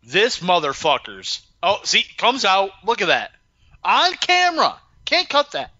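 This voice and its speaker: A high, bright-voiced man chatting on a podcast who tells stories with a lot of bounce in his pitch and swears freely. The recording is dry and a little dull, like a basic home mic. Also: measured pace, no room sound. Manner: animated storyteller, swears freely. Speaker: podcast co-host. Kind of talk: casual chat watching wrestling.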